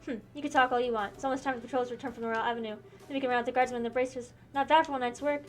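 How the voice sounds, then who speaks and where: A woman's voice: high voice, fairly even intonation, racing, soft background music, lightly acted. A woman voicing a sneering soldier villain. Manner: menacing, scornful. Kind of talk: reading game dialogue aloud.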